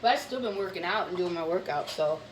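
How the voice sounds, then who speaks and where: Chatty low-voiced woman with bronchitis. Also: expressive, fast, slight background noise. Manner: rambling, blunt, chatty with fillers. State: sick with bronchitis, coughing. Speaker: cooking vlogger. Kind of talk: casual chatty cooking vlog. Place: home kitchen.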